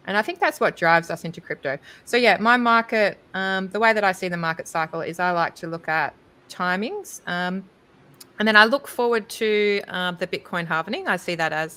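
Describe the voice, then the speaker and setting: A woman talking casually on a crypto panel, chatty and animated, with many ums and likes. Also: fairly low pitch. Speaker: crypto conference speaker. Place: livestreamed panel.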